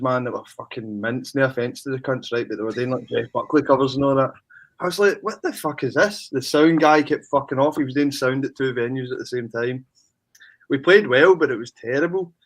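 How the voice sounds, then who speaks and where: A man's voice: medium pitch, steady tone, normal speed, low-quality recording. A man with a Glaswegian accent, a musician talking casually, blunt and slangy with heavy swearing. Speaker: musician guest. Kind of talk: casual chat.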